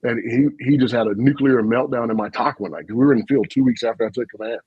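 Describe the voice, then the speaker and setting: A man, a retired army officer, telling stories in an animated, folksy way on a casual podcast. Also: mid-range voice, fast, husky, no room sound, lo-fi sound. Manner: animated, folksy storyteller with frequent asides and laughs.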